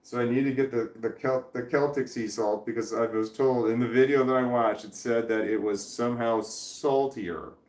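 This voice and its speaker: A man's voice: medium pitch, steady tone, moderate pace, hardly any pauses, a little mellow. Guy rambling on his livestream, keeps restarting sentences, echoey room, mic kinda far. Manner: rambling, thinks aloud, restarts often. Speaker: livestreamer reading chat. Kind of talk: casual live chat.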